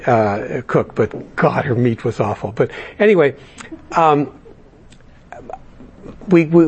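Man from Canada, fairly high husky voice, halting personal testimony full of restarts. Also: darkish tone. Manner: halting, with frequent restarts and stammered repeats; earnest, confessional storytelling. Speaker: speaker sharing a recovery story.

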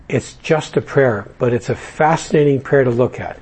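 A man's voice: medium pitch, moderate pace, few pauses, crowd noise. A man speaking to a recovery group, telling jokes and stories in a loose, conversational way with fillers. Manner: conversational storyteller, jokey, with fillers.

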